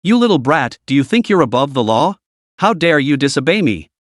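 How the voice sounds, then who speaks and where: A man voicing a furious, violent mother who rants and yells threats at her son in an audiobook-style story. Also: on the high side, very animated, fairly quick, dry recording, clean studio sound. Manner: ranting, yelling threats.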